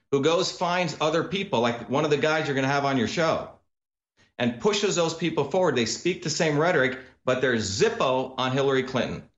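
A male radio guest making an insistent, emphatic case at a steady pitch. He comes through a remote link that sounds roomy and dull. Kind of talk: heated talk radio interview.

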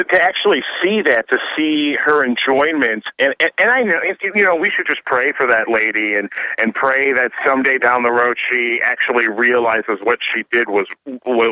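Young man, radio caller, earnest, stumbling restarts, bright tense tone, dry sound. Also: mid-range voice, no echo, low-quality recording. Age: 20s. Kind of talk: call-in talk radio. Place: home in the suburbs, by phone.

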